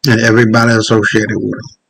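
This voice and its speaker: A man hosting his own show, ranting in casual commentary, profane and heated, pausing often to search for clips. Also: lowish voice, completely flat delivery, creaky, fairly bright tone, rough recording. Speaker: host.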